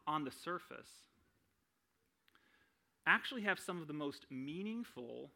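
A young preacher's voice sits on the high side and sounds pushed and bright. His sermon feels like a chat, full of "right?" check-ins and self-mocking humor.

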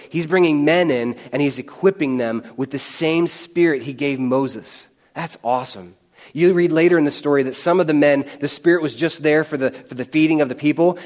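A pastor preaching a sermon in a fairly high voice. He is animated and stumbles over repeated words as he goes.

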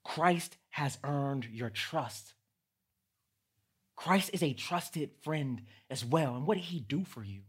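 Husky-voiced man preaching a sermon. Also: on the high side, expressive, slow pace. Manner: conversational, building to loud emphatic peaks. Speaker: pastor.

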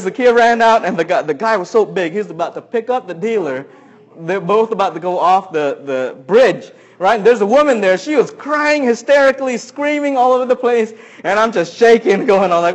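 A man's voice: high-pitched, animated, moderate pace. A pastor telling a story from his own life during a sermon, acting out what people said and laughing along the way.

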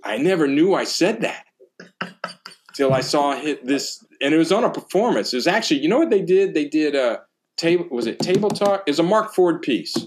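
A man's voice: a little high, animated, brisk. Laid-back man telling stories. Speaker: percussion teacher. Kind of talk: casual podcast chat.

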